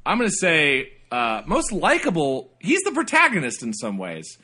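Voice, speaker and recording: Male podcast co-host, bright tone, playful storyteller. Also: fairly high pitch, huge pitch swings, moderate pace, breathy edge. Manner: jokey, does silly voices in anecdotes. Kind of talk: casual chat.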